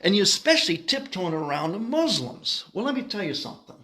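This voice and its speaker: A brash, street-talking South Sider with a thick Chicago accent, as a man puts him on in a comic monologue. His voice sits high and bounces up and down, and he talks bluntly, leaning on slang and "you know". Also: big pitch swings, fairly quick, sharp tone, full character voice.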